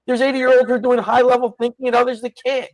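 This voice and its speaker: A man's voice: extremely high pitch, flat delivery, fast talker, no echo, rough recording. A man co-hosting a podcast in casual political chat, laid-back and agreeable, often laughing along. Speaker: podcast co-host.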